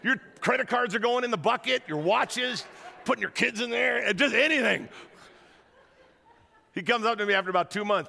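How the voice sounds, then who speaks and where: A man preaching a sermon to a church crowd, telling stories in an animated way and rousing the audience, in a large auditorium. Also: extremely high pitch, normal speed, creaky, pauses often, big-room sound. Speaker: guest pastor.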